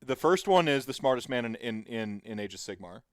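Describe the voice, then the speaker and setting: Man, podcast host, rambling casual chat, mid-pitched, dry close recording. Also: lively intonation, brisk, clean tone, dry recording. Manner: rambling, digressive storytelling.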